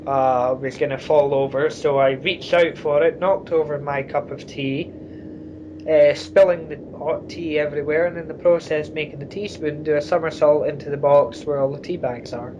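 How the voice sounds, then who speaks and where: A man's voice: on the high side, steady tone, normal speed. A man in a casual rambling chat, blunt and sarcastic, with the odd swear word. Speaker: co-host. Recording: lo-fi mic with faint noise.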